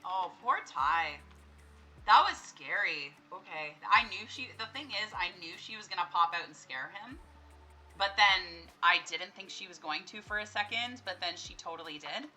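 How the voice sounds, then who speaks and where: A woman's voice: lowish voice, lively intonation, moderate pace, sharp tone, low-quality recording. A young woman giving casual let's-play commentary, chatting to the characters on screen and breaking into startled, laughing screams. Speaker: gameplay streamer.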